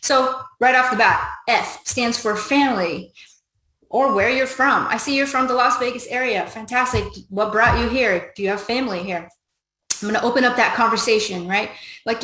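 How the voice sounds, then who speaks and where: A woman's voice: a little high, moderate pace, pushed and bright. Upbeat woman coaching in an echoey room. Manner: upbeat, coaching, acts out both sides of a chat. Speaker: business trainer. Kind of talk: training talk on recruiting conversations.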